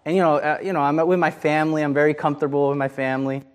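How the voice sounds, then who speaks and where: A man's voice: fairly high pitch, steady tone, very fast. A man leading a casual Bible study, chatty and full of fillers, often asking the group questions. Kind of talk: casual interactive Bible teaching.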